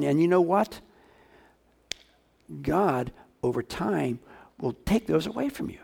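A man's voice: a little high, expressive, slow pace, vocal fry, long pauses, darkish tone, slightly rough. A male pastor preaching a sermon, talking casually and asking his congregation questions.

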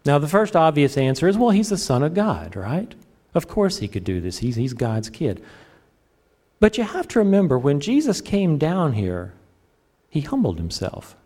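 A middle-aged man preaching a sermon, animated and joking, acting out his own prayers. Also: on the high side, normal speed. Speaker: pastor.

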